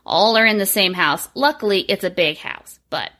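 A woman's voice: medium pitch, moderate pace, pushed and bright. A woman in her thirties co-hosting a podcast, chatting casually with lots of swearing, fillers and laughs. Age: 30s. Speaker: podcast co-host.

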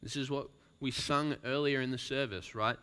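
A pastor giving a sermon and reading a story aloud, slow and deliberate, dropping his voice soft for emphasis. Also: medium pitch, steady tone, clear, resonant tone.

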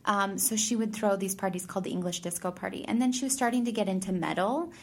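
A woman's voice: medium pitch, fast. A woman in her thirties, a stage actor as guest, chatting in a bubbly way, laughing often and filling her talk with "like". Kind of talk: casual chat.

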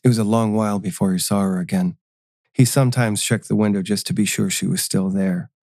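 A man narrates a scripted story at a measured storytelling pace. His voice is low and gravelly with a dark, mellow tone. The recording is dry and close. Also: steady tone, dry recording.

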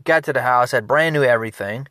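A man, a business consultant, giving an energetic motivational talk in a conversational, repetitive way. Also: medium pitch, quick pace, no room sound, clean studio sound.

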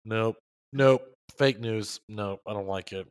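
A man co-hosting a casual chat, animated and jokey, acting out quotes for laughs. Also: fairly low pitch, a little slow, clean tone, no echo, clean studio sound. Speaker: podcast co-host.

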